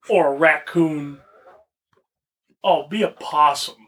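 A young man with a bright, slightly high voice riffs through crude, profane banter. He tells stories loosely and jokes constantly in a casual podcast chat. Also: slow. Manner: profane, joking, storytelling. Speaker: podcast co-host.

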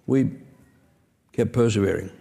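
A man's voice: fairly low pitch, measured pace, vocal fry, mellow, slightly rough. A man preaching a sermon as pastor, earnest and emphatic, with conversational asides.

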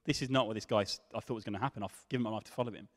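A man preaching a sermon, swinging from loud questions to hushed tones. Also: fairly low pitch, fairly even intonation, rapid-fire. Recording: long hall reverb.

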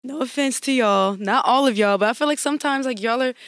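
A woman's voice: fairly high pitch, a little fast, fairly bright tone, clear, resonant tone, no room sound, clean studio sound. A young woman with a Louisiana accent, a podcast guest who speaks frankly and animatedly and laughs easily. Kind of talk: casual chat.

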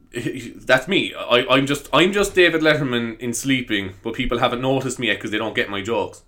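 A man in his young adult years talks alone into his podcast mic. He rambles off topic, mocks himself and laughs at his own jokes. His pitch is lively and swings widely. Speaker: podcast host. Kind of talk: casual solo podcast chat.

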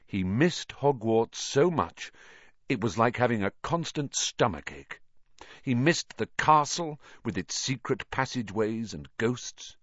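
A man reading a children's novel aloud as an audiobook narrator, with an expressive storytelling delivery. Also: medium pitch, unhurried, dry recording, lo-fi sound. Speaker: audiobook reader.

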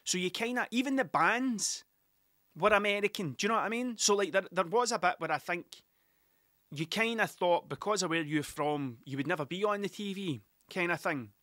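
Bright, forceful and pitched a little high, this young Scottish podcast host talks at normal speed as he drifts from story to story on his solo show, cursing freely. The audio is dry and close-miked, with no room sound.

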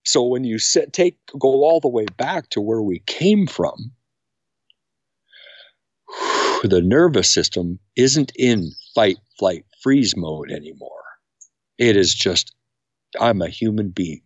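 A man's voice: slow, dry recording. A middle-aged man talks with energy, his voice leaping upward whenever he acts out what other people say. The recording is dry and a little muffled, with no room sound. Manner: energetic, acts out quotes with jumps in pitch. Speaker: podcast guest, camp founder. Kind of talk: animated interview talk. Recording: dry, slightly dull sound.

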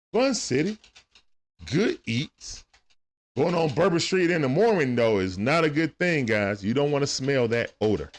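A medium-pitched man gives casual play-by-play commentary on a live stream, speaking into a phone. He uses slang and greets viewers by name.

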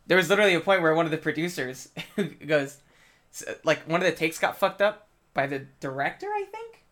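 A man's voice: on the high side, very animated, fairly quick, a bit bright. A man in casual chat, rambling with lots of filler words and swearing while telling a story from a film set. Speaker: film crew member.

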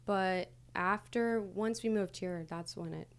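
A woman's voice: medium pitch, slow. A young adult woman, a podcast guest, recounting her past candidly in a casual, hesitant way with many fillers. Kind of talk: casual conversational interview.

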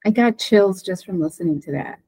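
A woman's voice: medium pitch, a little fast, warm tone, breathy edge, no echo, low-quality recording. A woman hosting a podcast interview, chatty and conversational as she asks questions. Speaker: podcast host. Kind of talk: casual interview chat.

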